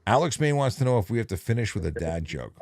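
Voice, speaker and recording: A man's voice: lowish voice, sing-song, fast, gravelly, a little mellow, no echo. A man hosting a casual livestream, chatty and joking, laughing easily. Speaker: show host.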